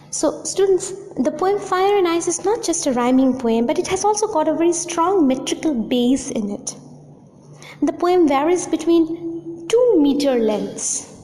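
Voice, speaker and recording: A woman teacher talks through a recorded lecture at an unhurried pace, often repeating key points for emphasis. Her voice sits high, and it rings out in a roomy space with a long reverb tail. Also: darkish tone. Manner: slow, repetitive, emphatic explaining. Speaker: English teacher. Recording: echoey, reverberant room.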